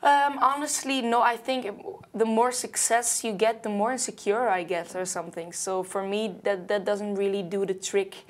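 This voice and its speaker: A woman's voice: medium pitch, fairly even intonation, normal speed, few pauses. A young woman from Belgium, a singer talking casually in an interview, loose and chatty with many fillers and small slips. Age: young adult.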